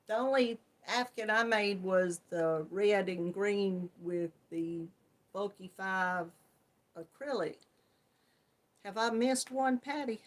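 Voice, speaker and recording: A woman hosting a crafting channel, chatting casually on a live stream, laughing often and greeting viewers by name. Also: mid-range voice.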